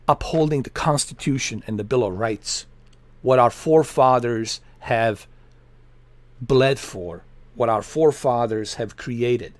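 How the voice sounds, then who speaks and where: Middle-aged male streamer from Bosnia, mid-pitched voice, dry close sound, impassioned and repetitive rant. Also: dry recording. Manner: emphatic, repetitive, earnest. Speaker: livestream host. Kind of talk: impassioned political rant on a livestream.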